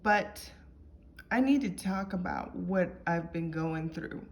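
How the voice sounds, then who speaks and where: Woman vlogger, confessional storytelling, low-pitched and unhurried, earnest. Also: slight background noise. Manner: earnest, reflective, heartfelt. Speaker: vlogger telling her life story.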